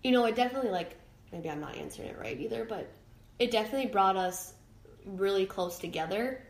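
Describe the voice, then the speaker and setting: A woman's voice: mid-range voice, fast talker. Woman telling a personal story in a roomy echo. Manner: emotional, searching for words with frequent restarts. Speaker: podcast guest.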